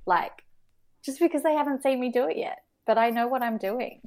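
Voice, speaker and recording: A woman's voice: high-pitched, brisk, a little mellow. A woman talking candidly as a podcast guest, hesitant, with many fillers and restarts. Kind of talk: candid conversational reflection.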